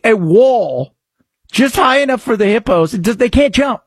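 A man hosting a radio talk show, rambling conversationally and reading ads in a quick patter. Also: very high voice, lively intonation, husky, dry recording, studio quality. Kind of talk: radio talk commentary and live ad reads.

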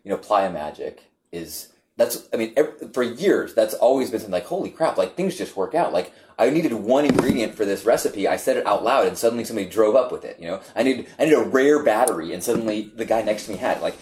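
A man telling a story in casual chat, animated and halting, with many repeats and fillers. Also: on the low side, a little hiss or hum.

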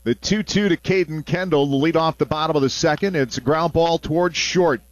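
A man's voice: a little high, brisk, dry recording. Chatty baseball play-by-play man. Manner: chatty, relaxed asides between plays. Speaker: play-by-play announcer. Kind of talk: baseball radio commentary.

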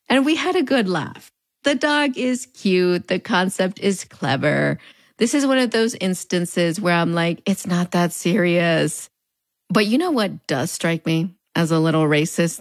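Wry Mexican American border-accent woman. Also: no room sound. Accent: Mexican American border (fronterizo). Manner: conversational and wry, with playful pitch swings. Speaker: host. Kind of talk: scripted pop-culture commentary.

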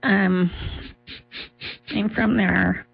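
A woman voicing a blunt, flat-voiced woman from Duluth, speaking matter-of-factly. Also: medium pitch, extremely slow, vocal fry, husky, dry recording, narrow, tinny audio, soft background music, exaggerated voice. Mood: deadpan.

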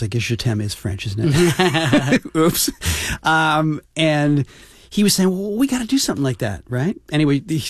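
Male co-host, easygoing, mid-pitched, dry studio sound. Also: no echo. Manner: relaxed, easy laughs. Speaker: radio show co-host. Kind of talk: casual chat and scripted setup.

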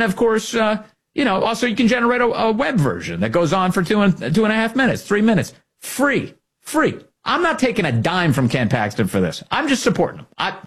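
A middle-aged man hosting a talk radio show, delivering mocking, sarcastic political commentary in an animated way. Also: fairly high pitch, breathy edge.

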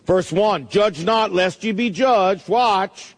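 A man's voice: high voice, animated, takes it slowly, few pauses. A middle-aged man preaching a sermon as a pastor, earnest and direct, often calling his listeners friends. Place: church sanctuary. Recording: long hall reverb in a church.

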